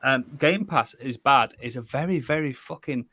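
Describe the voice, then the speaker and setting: Brief: male podcast regular, bright forward tone, dry sound, joking and profane. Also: medium pitch, normal speed, dry recording. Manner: jokey, swears freely. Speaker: podcast co-host. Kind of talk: casual podcast chat.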